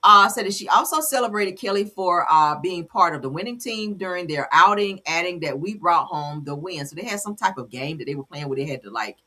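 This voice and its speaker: Woman host, bright lively voice, blunt playful gossip chat. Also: lowish voice, a little fast, few pauses. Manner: animated, laughing, blunt and playful. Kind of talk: casual commentary on celebrity gossip.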